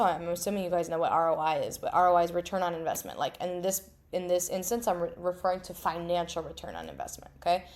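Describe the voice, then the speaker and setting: A woman hosts her own podcast in a casual solo monologue. She talks candidly and animatedly, swears freely and laughs at herself. She acts out the voices in her head with lively shifts. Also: mid-range voice. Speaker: podcast host.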